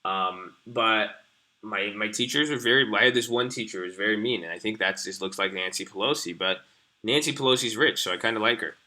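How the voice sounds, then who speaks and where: A man's voice: fairly low pitch, sharp tone. A young man hosting a live stream, rambling casually and profanely as he talks to his viewers. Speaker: stream host.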